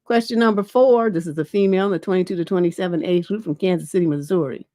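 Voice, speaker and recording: A woman's voice: on the low side, fast, mellow, dry recording, clean studio sound. A middle-aged woman relationship coach on a livestream, reading viewer questions aloud and answering them bluntly and casually, with a lingering cough. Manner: blunt, casual, peppered with "you know".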